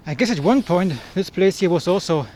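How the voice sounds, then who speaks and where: A man's voice: high-pitched, animated, brisk, a little mellow, a little hiss or hum. A young man from Germany chatting casually as a travel vlogger while walking around, joking and exclaiming at what he sees. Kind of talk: casual walking vlog narration. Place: outdoors in a city park. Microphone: action camera mic.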